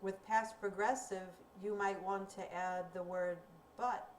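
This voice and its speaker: A woman teaching a recorded grammar lesson, speaking slowly and clearly in a deliberate teaching manner. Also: mid-range voice, fairly even intonation. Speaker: ESL teacher. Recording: roomy, distant mic with faint room noise.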